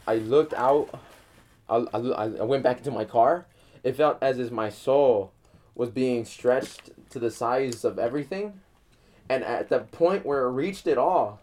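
A man's voice: medium pitch, a little mellow. Rambling, swearing young man. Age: young adult. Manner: rambling, swears a lot, repeats words, laughs often. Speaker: guest telling a story. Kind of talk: casual storytelling chat.

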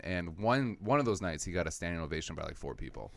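Man from wisconsin, very low voice, animated comedy stories, dry close sound. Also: fast talker, vocal fry, dry recording. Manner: animated storyteller, acts out quotes. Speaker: comedian, podcast co-host. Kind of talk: casual chat, storytelling.

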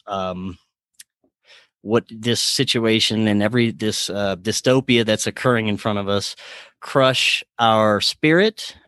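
Earnest adult man, recounts a personal story haltingly in a dry, close recording. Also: lowish voice, no echo. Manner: earnest, halting, searching for words. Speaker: guest recounting a spiritual experience.

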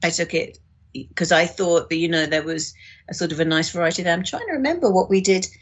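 A woman's voice: lowish voice, fast, breathy edge. A woman, an audiobook director, explaining her work in a casual discussion with frequent restarts. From United Kingdom.

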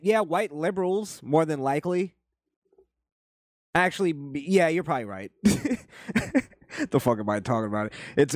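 A man's voice: a little high, dry recording, studio quality. A man ranting through heated, profanity-laced political commentary and reading viewer comments aloud. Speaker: commentary channel host.

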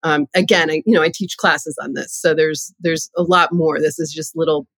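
Lively, animated middle-aged woman. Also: deep voice, normal speed, dry recording. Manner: lively, animated storytelling with laughs. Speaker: parenting class teacher, guest. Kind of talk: conversational interview.

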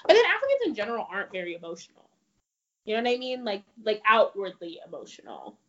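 A young woman in casual group chat, animated and laughing, full of fillers. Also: mid-range voice, quick pace. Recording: dull lo-fi audio.

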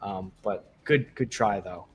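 A man narrating as game master while losing his voice, relaxed, with many fillers. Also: fairly low pitch, unhurried, soft background music.

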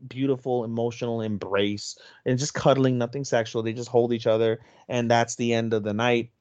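A man's voice: mid-range voice, normal speed, dry recording, muffled recording. A man co-hosting an anime podcast, retelling an episode in casual chat with lots of swearing and energy. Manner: energetic retelling, swears freely, slips into Japanese phrases. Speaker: podcast co-host.

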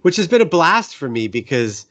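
A man's voice: on the high side, big pitch swings, moderate pace, fairly bright tone. A middle-aged man from the New York area hosting an interview, eager and repeating words as he starts a sentence. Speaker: podcast host interviewing a photographer. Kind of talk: conversational interview. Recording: dull lo-fi sound.

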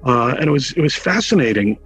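A man from Connecticut, a guest in an interview, telling a lively anecdote with wry humor and acting out the quotes. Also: medium pitch, quick pace, husky, soft background music, low-quality recording. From Connecticut, USA. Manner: animated storyteller who acts out quotes with wry humor. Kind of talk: casual anecdotal storytelling.

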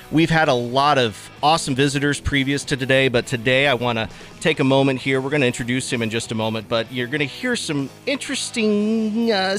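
A man hosting a relaxed podcast from a room in his home. He talks in an upbeat, easygoing way and laughs often. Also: medium pitch. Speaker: podcast host, paramedic. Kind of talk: casual podcast chat.

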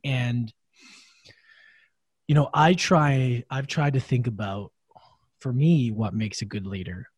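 Man, interview host, casual rambling chat, says bro, mid pitch, dry sound. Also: slow pace, pauses often, slightly rough, no room sound. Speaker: podcast host.

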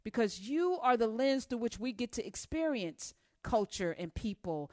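A woman hosting an interview, chatty, playful and animated. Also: fairly high pitch, normal speed, dry recording, clean studio sound. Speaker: show host. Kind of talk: casual interview.

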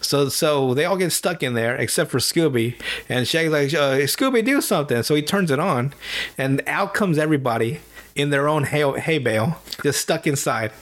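A man with a slightly raised voice hosting a loose, casual podcast. He recounts a story with plenty of swearing and jumps into quick impressions of the people in it. His delivery is lively and chatty. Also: on the high side. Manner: animated, profane storyteller with voices and laughs. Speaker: podcast host. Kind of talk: casual chat, retelling a cartoon plot.

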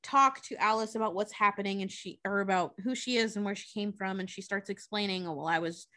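A woman's voice: medium pitch, a little fast, bright, forceful tone, no echo. A woman casually retelling a story, breezy and profane, briefly acting out the characters' lines.

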